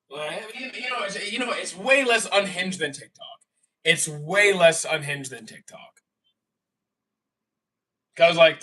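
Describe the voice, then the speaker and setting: A young man from Canada answers chat questions in a loose, rambling way, often restarting his sentences. His voice is bright and edgy. He sits a little away from the microphone. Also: on the high side, distant mic. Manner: rambling, self-correcting, exasperated asides. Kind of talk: casual live chat.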